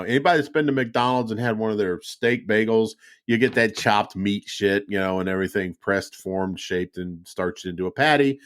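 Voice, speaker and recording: Profane, rambling middle-aged podcast host. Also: male voice, fairly low pitch. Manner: profane, rambling storyteller with frequent restarts. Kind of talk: casual podcast chat.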